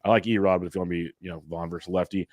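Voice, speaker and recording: A man's voice: deep voice, steady tone, racing, darkish tone, no room sound. A man giving fantasy baseball betting picks, rattling off players and prices in a casual, tired way. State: exhausted.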